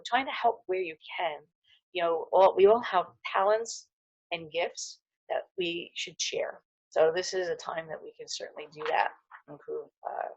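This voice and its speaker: A woman's voice: fairly low pitch, dry recording. Earnest middle-aged woman, dull lo-fi recording. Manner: earnest, heartfelt, with many fillers and restarts. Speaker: holistic dental hygienist. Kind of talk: casual wellness talk to camera.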